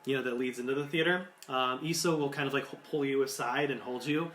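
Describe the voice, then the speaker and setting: A man's voice: mid-range voice, fast talker, fairly bright tone, a little hiss or hum. A man narrating as game master of a tabletop game, rambling with many fillers. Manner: rambling, full of likes and ums. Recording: echoey room.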